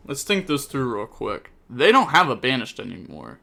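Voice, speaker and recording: Bright-voiced young man calling a card game. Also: mid-range voice, sing-song, vocal fry. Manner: fast, exasperated, bursts into loud outbursts. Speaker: host commentating a card game replay. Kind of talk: gameplay commentary.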